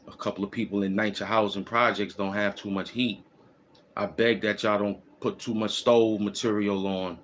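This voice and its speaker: Low-voiced New man rambling advice. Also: little pitch movement, normal speed, a bit bright, a little hiss or hum. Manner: loose, repetitive, preachy advice with slang. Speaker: host. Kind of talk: rambling streetwise monologue. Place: outdoors in the cold.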